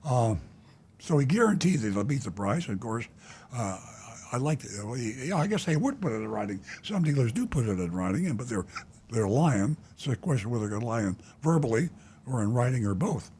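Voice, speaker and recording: Older man, talk show host, blunt, indignant, rambling, lots of fillers, mid pitch. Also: big pitch swings, fairly quick, a little mellow, a little hiss or hum. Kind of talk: call-in radio-style talk show.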